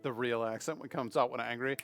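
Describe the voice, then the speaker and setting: A man's voice: medium pitch, steady tone, fairly quick, soft background music. Rambling, chatty male game streamer. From Massachusetts. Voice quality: rambling, chatty, bursts into loud laughter. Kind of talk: live let's play commentary.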